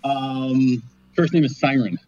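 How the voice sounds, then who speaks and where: Podcast guest, man, mid-pitched, muffled lo-fi sound, halting and teasing. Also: a little mellow. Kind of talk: casual podcast banter.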